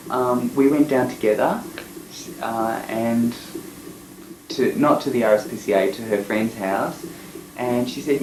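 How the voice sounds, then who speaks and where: A man at a middle pitch tells a story in a chatty, rambling way, full of fillers. His voice sounds roomy, with clear noise behind it. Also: fairly even intonation, takes it slowly, darkish tone. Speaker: freelance photographer and documentary maker. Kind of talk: casual interview storytelling.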